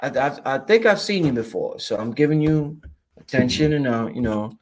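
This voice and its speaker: This Brooklyn, New York host speaks in a mid-range voice at moderate speed, keeping his livestream casual and profane while working through viewer chat. He is animated and streetwise and talks to viewers directly.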